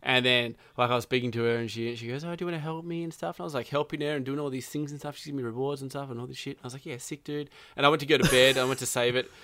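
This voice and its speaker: A man's voice: medium pitch, racing, few pauses. A young man, chatting casually about a video game, swearing often and breaking into laughter. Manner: animated, swears a lot, bursts into laughter. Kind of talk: casual gaming chat.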